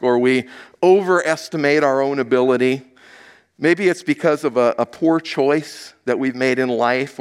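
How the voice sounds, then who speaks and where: A male pastor preaching a sermon, telling a personal story with lively quoted voices. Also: mid-range voice.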